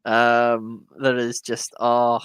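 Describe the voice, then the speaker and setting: A man co-hosting a sports podcast, chatting casually and enthusiastically with a quick sense of humor. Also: medium pitch, completely flat delivery, fairly bright tone, clear, resonant tone, dry recording. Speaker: podcast co-host.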